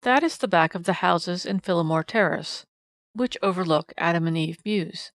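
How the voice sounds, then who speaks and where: A woman voicing a quiet, nervous old man calmly recounting a case in a storybook reading. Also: fairly low pitch, normal speed, dry recording, studio quality, close to an everyday voice.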